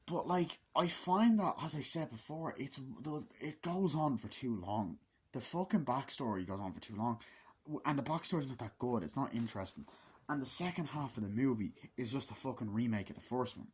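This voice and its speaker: A man's voice: mid-range voice, expressive, breathy edge. A man giving a casual, blunt and profane film review, griping about a movie and acting out its scenes. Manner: profane, blunt, acts out scenes in quick put-on voices.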